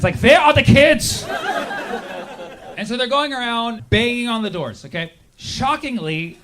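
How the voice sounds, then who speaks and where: High-voiced sarcastic stand-up comedian man. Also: noisy background. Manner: sarcastic, acts out quoted voices.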